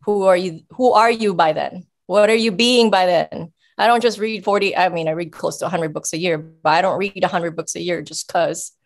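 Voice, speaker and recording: A woman's voice: on the low side, normal speed, gravelly, hardly any pauses. Woman coaching with emphatic energy. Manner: emphatic, animated explaining. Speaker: guest coach. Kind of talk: casual advice talk.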